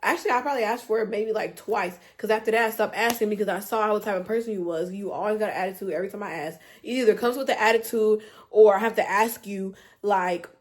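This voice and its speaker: A young adult woman telling a storytime vlog in an animated, slangy, exasperated way. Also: medium pitch, fast. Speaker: vlogger.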